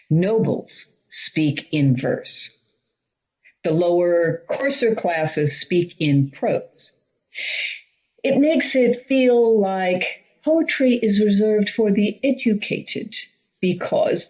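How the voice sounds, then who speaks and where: A woman's voice: fairly low pitch, poor audio. A woman teaching drama, explaining Shakespeare performance step by step in an instructional talk.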